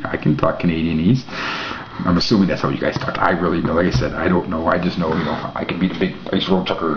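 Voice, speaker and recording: A man's voice: low-pitched, steady tone, fairly quick. A man hosting his own vlog, rambling through mock-naive questions with dry jokes. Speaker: vlog host. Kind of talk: casual rambling monologue to camera. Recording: echoey room, dull lo-fi mic, faint hiss.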